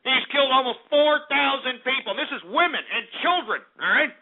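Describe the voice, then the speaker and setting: A man's voice: extremely high pitch, lively intonation, moderate pace. A man hosting a talk radio show, ranting angrily and cursing at his targets. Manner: profane, furious, shouting insults. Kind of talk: angry talk radio rant. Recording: tinny phone-like radio broadcast.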